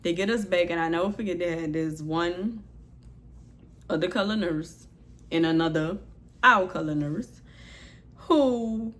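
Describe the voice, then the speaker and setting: A woman's voice: on the low side, a little slow, pauses often. New woman telling her story. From New Orleans, USA. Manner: candid, expressive retelling, heavy use of "like". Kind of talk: storytime vlog.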